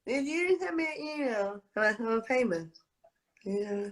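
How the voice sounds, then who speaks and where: A woman hosting a casual live stream chat, animated and quick to interrupt and laugh. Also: fairly high pitch.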